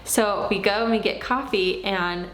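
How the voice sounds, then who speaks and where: A woman in her thirties tells a personal story in a casual, animated way. She acts out what she said back then. Her voice sits at a middle pitch, and the room around her is very echoey. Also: unhurried. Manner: animated, acts out her own past lines. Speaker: vlogger.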